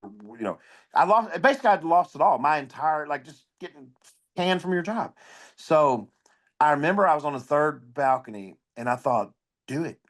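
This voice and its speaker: A man's voice: a little high, moderate pace. A man, a comedian, talking as a podcast guest, telling blunt, profane stories in casual conversation. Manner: blunt, profane, animated storyteller. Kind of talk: casual storytelling interview.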